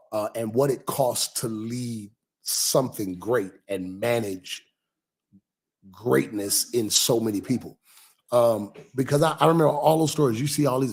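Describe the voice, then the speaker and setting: Husky-voiced pastor chatting on a livestream. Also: male voice, mid-range voice. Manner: animated, repeats himself, reads viewer comments aloud. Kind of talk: casual livestream chat.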